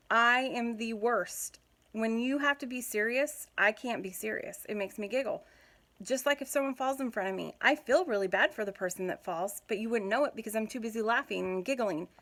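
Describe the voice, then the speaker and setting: Woman, thirties, gravelly voice, chatty giggly storytelling, casual mom vlog. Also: fairly high pitch, normal speed, fairly bright tone. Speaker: mom vlogger.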